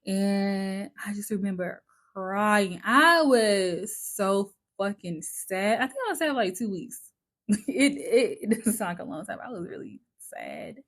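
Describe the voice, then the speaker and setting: A woman vlogger telling a personal story in a casual, candid way, chatty and expressive, with lots of filler words and some swearing. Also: mid-range voice.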